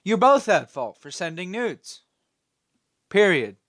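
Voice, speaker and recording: A man's voice: sits high, big pitch swings, slow, fairly bright tone, no echo, studio quality. A man hosting his own channel, giving a rambling, opinionated commentary with many fillers and a scolding tone. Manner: scolding, dismissive. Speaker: channel host.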